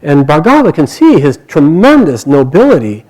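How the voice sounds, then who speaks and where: Casual: guy telling an old epic out loud, mellow slightly high voice, expressive with pauses. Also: poor audio. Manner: expressive, warm narration with pauses and restarts. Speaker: storyteller. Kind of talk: oral storytelling of an epic.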